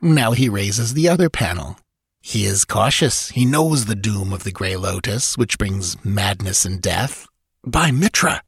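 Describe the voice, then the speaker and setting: A man's voice: on the low side, measured pace, gravelly, husky, dry recording, studio quality, heavily acted. A man reading aloud and voicing a cunning middle-aged priest who is gloating and then turns frightened. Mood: tense. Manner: gloating, later nervous and gasping.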